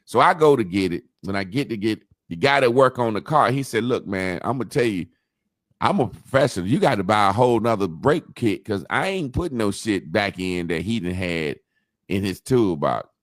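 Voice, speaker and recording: A man's lowish voice, at a moderate pace, comes through in studio quality with no room sound. As a podcast co-host in relaxed chat, he tells a long, profane story, vividly performing the quotes of others.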